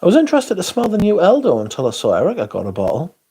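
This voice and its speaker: A man's voice: high voice, huge pitch swings, rapid-fire, mellow, husky. A man hosting a casual livestream, sweary and sardonic, reading chat aloud as he talks. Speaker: livestream host.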